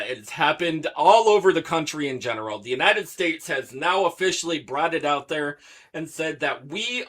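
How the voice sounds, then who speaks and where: A man hosting a podcast, rambling through a story with many fillers and drawn-out words. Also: fairly high pitch, a bit bright. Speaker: podcast host. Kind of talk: casual podcast chat.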